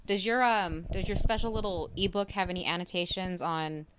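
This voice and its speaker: Low-voiced woman co-host, noisy recording. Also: fairly even intonation, normal speed. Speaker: podcast co-host. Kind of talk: casual book discussion podcast.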